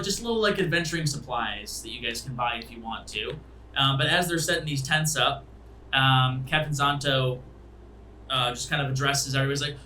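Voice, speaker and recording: A man's voice: mid-range voice, pushed and bright, a little hiss or hum, rough recording. A man narrating a tabletop game as game master, rambling along with many fillers.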